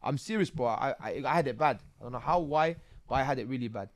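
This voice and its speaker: A man tells his stories as an interview guest, loose and streetwise, ending lines with "bro" and "yeah". He gets animated when he is worked up. His voice is mid-pitched and dry and close, with no room sound. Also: fast, dry recording. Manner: animated, rising when excited. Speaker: podcast guest. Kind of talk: casual interview storytelling.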